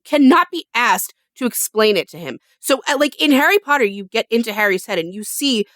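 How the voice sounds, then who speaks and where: A woman's voice: fairly high pitch, lively intonation, a little fast, fairly bright tone, no echo, clean studio sound. A woman co-hosting a casual podcast chat, making emphatic points and swearing freely. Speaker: podcast co-host.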